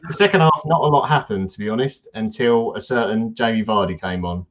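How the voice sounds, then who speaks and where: A man in his thirties co-hosting a football podcast, blunt and chatty. His voice sits low, and the recording sounds a little dull and lo-fi. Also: brisk. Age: 30s. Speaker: podcast co-host. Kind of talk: casual football chat.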